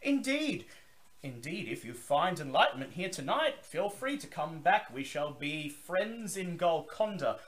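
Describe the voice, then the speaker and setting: A man's voice: a little high, very animated, unhurried, fairly bright tone, pitched above the performer's own voice. A man voicing a grandiose, zealous male vampire elder who declaims to a gathering. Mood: grand, welcoming. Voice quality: theatrical, declaiming.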